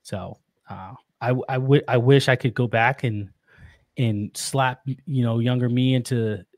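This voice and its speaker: A man's voice: mid-range voice, fairly even intonation, unhurried, dry recording, studio quality. A man guesting on a podcast, talking about being a father in an earnest, reflective way, often restarting his sentences. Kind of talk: casual interview talk.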